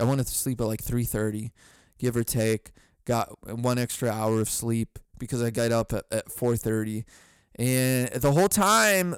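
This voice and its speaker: A man's voice: mid-range voice, clear, resonant tone, dry recording, studio quality. A young man hosting a solo comedy podcast, telling rambling stories full of swearing. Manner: profane rambling storytelling. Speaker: podcast host.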